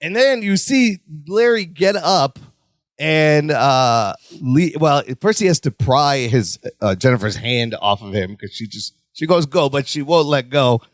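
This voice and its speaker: High-voiced man recapping a sitcom. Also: unhurried, no room sound, studio quality. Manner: animated retelling, acting out lines in raised voices. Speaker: podcast co-host. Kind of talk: casual chat recapping a sitcom episode.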